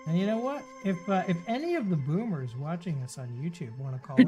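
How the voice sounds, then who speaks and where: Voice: medium pitch, big pitch swings, a little fast, hardly any pauses, over music. A playful, theatrical host running comedic game show banter. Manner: playful, theatrical, lots of fillers.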